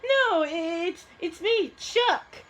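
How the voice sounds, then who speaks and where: A man's voice: expressive, very slow, sharp tone, exaggerated voice. A man voicing a shy, stammering male cartoon bird in a homemade cartoon. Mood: flustered. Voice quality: stuttering, high and strained.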